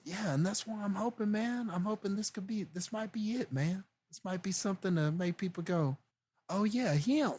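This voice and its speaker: A man's voice: sits high, brisk, hardly any pauses, a little mellow, slightly rough. A man co-hosting a movie podcast, talking earnestly and casually, often restarting and tagging sentences with "man". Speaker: podcast co-host.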